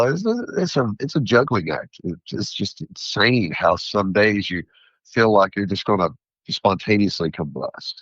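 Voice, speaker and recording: A man who is a food entrepreneur, a guest on an interview show, talking in a rambling, philosophical and animated way. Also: mid-range voice, no room sound, lo-fi sound. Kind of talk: interview conversation.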